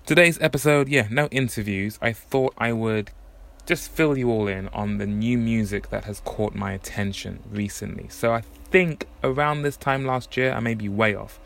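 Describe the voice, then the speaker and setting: A man's voice: mid-range voice, moderate pace, vocal fry, fairly bright tone. A man hosting a solo podcast, chatting casually about music and often correcting himself as he goes. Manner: conversational, thinking aloud with frequent self-corrections. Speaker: podcast host.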